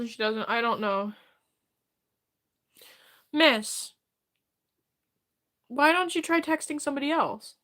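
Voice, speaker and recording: Reading her chat aloud and replying, a streamer nearly cries as she puts herself down in a halting, rambling way, breaking off and restarting. Her voice is expressive, slightly high, and fairly bright.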